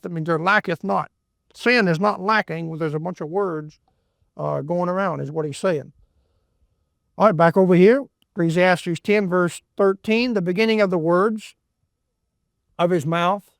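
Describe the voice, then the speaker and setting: A man's voice: sits high, normal speed, creaky, dry recording, clean studio sound. A man teaching a Bible book verse by verse in a folksy, rambling way, often repeating words and adding asides. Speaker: preacher.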